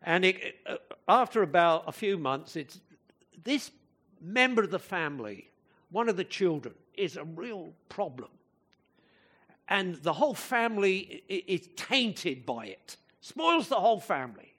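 A man's voice: high voice, big pitch swings, unhurried, fairly bright tone, breathy edge. A man preaching a sermon in a conversational way, often asking the listeners rhetorical questions, with occasional emphatic bursts.

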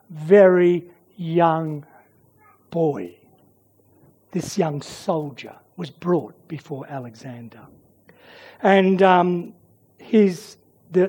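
A preacher giving a sermon and prayer who tells stories dramatically, swinging from loud emphasis to soft near-whispers. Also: medium pitch.

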